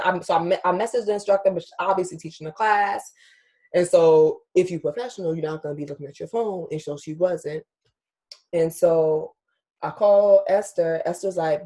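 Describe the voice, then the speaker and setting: A young adult woman hosts a podcast, sharing a personal story in casual chat while speaking directly to her listeners. She's candid, emotional, and swears freely, with a mellow, fairly low voice at a normal speed.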